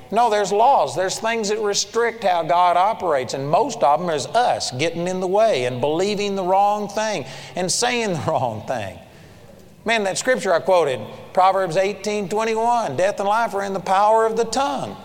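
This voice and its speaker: A male preacher with a notably high voice, delivering a sermon with emphatic swings between loud peaks and hushed low asides. His voice rings with a long reverb, as in a big hall.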